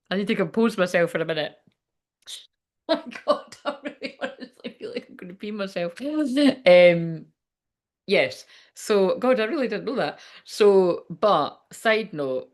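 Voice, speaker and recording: A woman, hosting a casual livestream as a psychic medium, chatty and rambling, swearing and laughing as she goes. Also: fairly low pitch.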